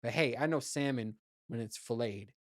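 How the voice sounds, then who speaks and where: Guy from puerto rico rambling and cursing on his podcast, dry close mic, average pitch. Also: normal speed, no echo. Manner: rambling, profane, laughs at himself. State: ears still clogged after diving. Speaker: podcast host. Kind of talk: casual solo podcast storytelling.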